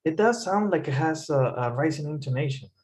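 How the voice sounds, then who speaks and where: A man's voice: fairly high pitch, lively intonation, fairly quick, darkish tone. A man teaching an English lesson, patiently repeating phrases and explaining rising intonation. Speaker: English tutor.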